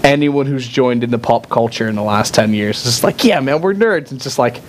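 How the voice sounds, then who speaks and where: A man on a casual chat stream tells stories in a loose, rambling way and acts out what people said to him. His voice sits at an ordinary middle pitch. A faint rumble runs underneath the recording. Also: lively intonation, brisk. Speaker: podcast co-host. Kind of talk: casual chat, animated storytelling.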